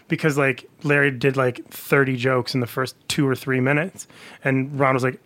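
A man's voice: medium pitch, flat delivery, fairly quick, bright, forceful tone. A man telling comedy-world stories in a casual podcast chat, rambling with many fillers. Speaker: comedian guest.

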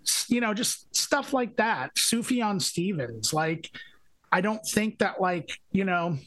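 High-voiced rambling podcast guy. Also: sing-song, takes it slowly, a bit bright. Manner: rambling, filler-heavy, searching for words. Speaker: podcast co-host. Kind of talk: casual chat reviewing music.

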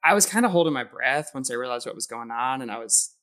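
A man's voice: medium pitch, lively intonation, fast, fairly bright tone. A man in a casual podcast chat, speaking candidly and a little hesitantly, with laughs.

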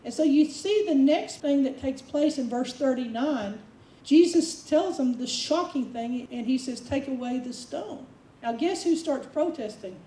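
A woman preacher delivering a sermon in a conversational, emphatic manner. Her voice is high and warm. It echoes through a roomy space from a distant mic. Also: expressive, unhurried. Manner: conversational, emphatic, acts out quotes.

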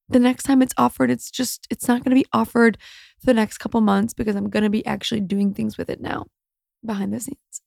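A woman's voice: on the high side, gravelly, darkish tone, dry recording, studio quality. A woman in her thirties hosting a solo podcast, speaking in a raw, candid, emotional way and swearing freely. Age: 30s. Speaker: podcast host.

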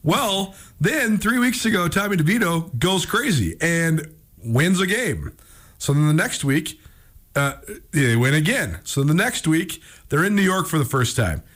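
A man hosting a sports radio show, telling a story in casual chat, animated and laughing often. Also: fairly high pitch, measured pace.

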